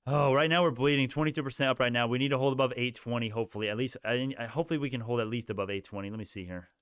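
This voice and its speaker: A man's voice: mid-range voice, rapid-fire, fairly bright tone, clear, resonant tone, no room sound, studio quality. A young man hosting a casual stock livestream, ranting heatedly at his chat with many restarts.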